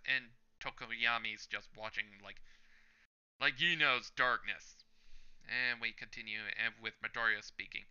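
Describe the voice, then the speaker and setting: A man's voice: medium pitch, fairly even intonation, measured pace, clean tone, lo-fi sound. A man hosting a reaction channel, reading a manga chapter aloud panel by panel with his own commentary and chuckling at the jokes. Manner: narrates panel by panel, reading lines out loud.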